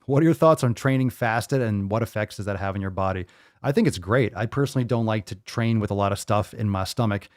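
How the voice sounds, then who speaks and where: A man's voice: fairly low pitch, quick pace, dry recording, studio quality. Profane rambling male podcast host. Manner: profane, loose and rambling, with sudden loud outbursts. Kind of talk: casual podcast chat.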